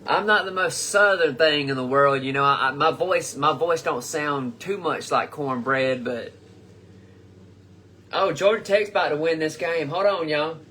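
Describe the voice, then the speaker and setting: His voice is a little high, bright and forceful, delivered at a measured pace. The young man is the comedian hosting a live show, reading fan comments aloud and responding loosely with rambling, profanity, and plenty of restarts.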